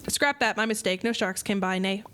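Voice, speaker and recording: A woman voicing a crusty old male crab blacksmith in a game, with a put-on old seafaring brogue and a gruff, folksy delivery. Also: medium pitch, a little fast, fairly bright tone, soft background music, natural voice. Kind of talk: reading game dialogue aloud.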